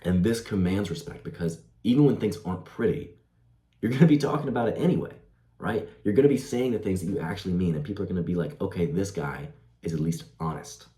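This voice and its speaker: Young male vlogger, low mellow voice, laid-back "bro" delivery, echoey room. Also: quick pace. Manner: laid-back, says "bro" and "like", laughs easily. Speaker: self-improvement vlogger. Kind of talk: casual advice monologue. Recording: roomy echo.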